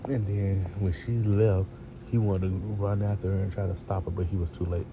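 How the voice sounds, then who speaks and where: A man's voice: low-pitched, fairly quick, phone-quality sound. A man giving a casual, rambling TV review, talking straight to his viewers. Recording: steady background noise.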